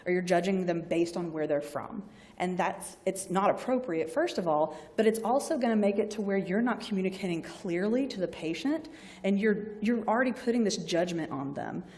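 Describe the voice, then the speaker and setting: A woman's voice: lowish voice, darkish tone, long reverb tail. A woman with a Southern US accent giving an informal, chatty lecture to students and often acting out short bits of dialogue. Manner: chatty, frequently acts out patient and doctor voices. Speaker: university library staff presenter.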